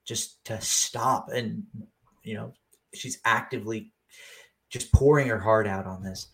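Man, young adult, podcast co-host, animated storyteller, casual chat. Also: lowish voice, a little slow. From United States. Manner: animated storytelling, laughs often.

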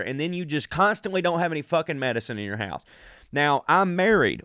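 A man's voice: a little high, expressive, fairly quick, bright, forceful tone, clean tone, no room sound, studio quality. A man from the American South, sick and a little out of breath, hosting a crude, rambling, self-deprecating comedic monologue. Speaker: podcast host.

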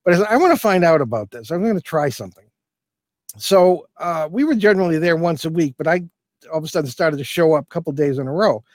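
Older male guest, slightly high voice, dry sound, rambling storyteller full of fillers. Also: animated, fast talker, darkish tone, no room sound. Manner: rambling, many fillers and restarts. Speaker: paranormal investigator guest. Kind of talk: storytelling in an interview.

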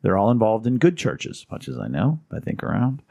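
A man hosting a podcast, chatting casually and telling stories with wry humor, slipping into lively quoted voices. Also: on the low side, fairly quick, creaky, dry recording, highs cut off. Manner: storytelling, wry humor, animated quoting. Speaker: podcast host. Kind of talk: casual chat.

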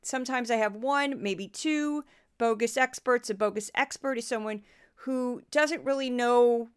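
Unhurried and smooth, this woman's somewhat high voice belongs to a middle-aged Midwestern podcast host. Her casual, chatty talk is sprinkled with wry jokes at her own expense.

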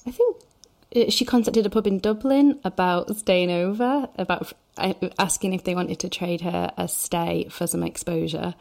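A woman with a lowish voice hosts a relaxed chat. She talks quickly and casually, dropping in "like" and "um" as she goes. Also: creaky. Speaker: podcast host. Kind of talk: casual conversation.

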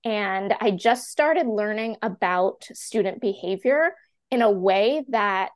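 A woman in her thirties, a teacher and classroom coach, telling her story as a podcast guest in a chatty, animated way full of "like" fillers. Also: medium pitch, takes it slowly. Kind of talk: candid personal storytelling in a podcast interview.

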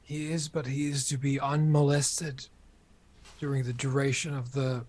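A man role-playing his character at a tabletop game in a measured, formal, stiff way. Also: medium pitch, flat delivery, a little mellow. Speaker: player.

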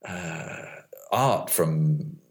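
Low-voiced man musing aloud. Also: expressive, drawn-out words. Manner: hesitant, thinks aloud with restarts and fillers. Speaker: vlogger. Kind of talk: casual reflective monologue.

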